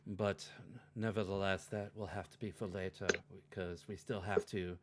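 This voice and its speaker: A man voicing a calm, curious elf woman adventurer in a tabletop game, musing in a measured way. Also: low voice, very noisy, close to an everyday voice. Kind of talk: in-character tabletop role-play.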